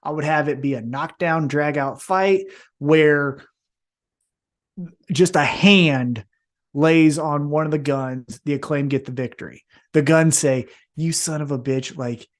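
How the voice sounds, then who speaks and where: A man co-hosting a casual podcast, talking animatedly, swearing freely and acting out wrestlers in jumpy voices. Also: fairly high pitch. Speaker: podcast co-host.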